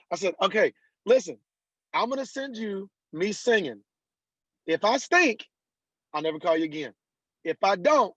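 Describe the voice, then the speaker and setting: A man, a country singer guest on an interview podcast, telling stories lively and acting out the people he quotes. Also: on the high side, no echo. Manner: animated storyteller who acts out quoted dialogue. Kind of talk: casual interview storytelling. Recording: dull lo-fi dry sound.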